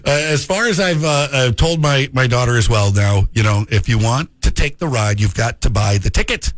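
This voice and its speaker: A man hosting a casual morning radio show, jokey and quick to laugh. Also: mid-range voice, lively intonation, no echo. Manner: jokey, laughs often, playful. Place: radio studio.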